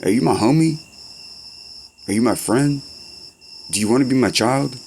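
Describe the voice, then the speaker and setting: A man's voice: medium pitch, normal speed, darkish tone, slight background noise. A young man in rambling, profane comedy-skit banter, full of slang and back-and-forth.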